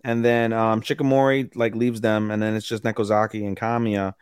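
A man's voice: fairly low pitch, flat delivery, brisk, a crowd in the background. A man co-hosting a podcast, casually recapping anime episodes in a rambling way, with lots of fillers. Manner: rambling, many fillers, acts out characters' lines. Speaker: podcast co-host.

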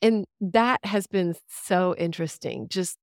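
A woman's voice: lowish voice, unhurried, a little mellow, dry recording, clean studio sound. A woman talking candidly on a podcast, ranting freely, laughing and swearing as she goes. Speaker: podcast guest. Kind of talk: casual podcast conversation.

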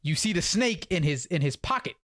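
A man hosting a podcast, recapping a story in lively slang and acting out quotes in a casual chat. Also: a little high, fairly quick. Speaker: podcast host.

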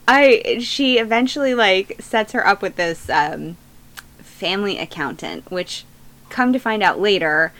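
A woman's voice: medium pitch, animated, measured pace, fairly bright tone. A woman in her thirties co-hosting a podcast, chatting casually as she retells a true crime story, rambling, laughing often and losing track of names. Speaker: podcast co-host.

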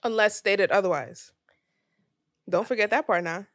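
A young woman co-hosting a podcast, relaxed and teasing, cutting in with dry remarks. Her voice is recorded close and dry, with no room sound around it. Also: mid-range voice, moderate pace, no room sound. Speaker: podcast co-host. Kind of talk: casual chat.

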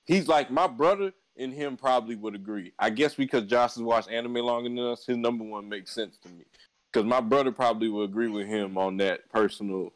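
Animated male podcast co-host. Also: medium pitch, a little fast, poor audio. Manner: animated storytelling, laughs and stumbles over words. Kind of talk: casual chat.

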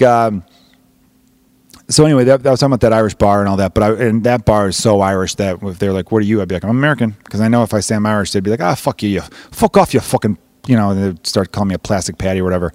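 A man's voice: mid-range voice, darkish tone, dry recording. A man hosting a podcast, rambling through a casual comedic monologue with plenty of swearing. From Chicago. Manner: rambling, profane, jokey. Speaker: podcast host.

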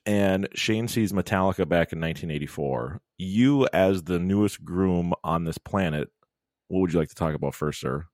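A deep-voiced podcast host talks at normal speed with no echo, using a studio podcast mic. He's telling stories in a casual, animated chat, laughing frequently.

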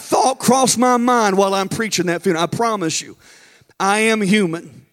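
A man, a pastor preaching and telling a story in an animated, folksy way with dramatic pauses. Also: sits high. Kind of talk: storytelling sermon. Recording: long reverb in a large hall.

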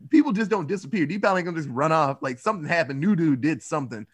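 A man's voice: on the high side, animated, fast talker, husky. A man on a casual movie podcast, talking loosely and profanely, often acting out characters' lines. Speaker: podcast panelist.

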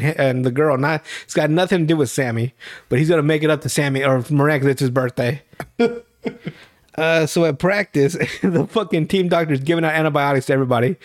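A man in a loose podcast chat recaps a raunchy episode, slipping into the characters' lines as he goes. His voice sits a little higher than most men's and is recorded close and dry. He keeps breaking into laughter and swears freely. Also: dry recording. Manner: laughing storyteller, acts out lines, heavy swearing. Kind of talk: casual profane recap chat.

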